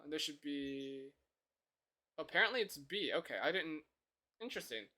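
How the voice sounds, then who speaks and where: A man with a bright, fairly high voice talks to his live-stream chat as he works through code. He thinks out loud and laughs often. He keeps it loose and pokes fun at himself. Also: lively intonation, normal speed. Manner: chatty, thinks aloud, self-deprecating, laughs easily. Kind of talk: casual live-stream chat while coding.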